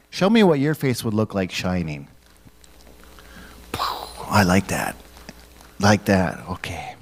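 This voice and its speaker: A man leading a church children's message, gently asking the kids questions and waiting for their answers. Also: lowish voice, animated, slow pace, long pauses. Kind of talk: children's sermon.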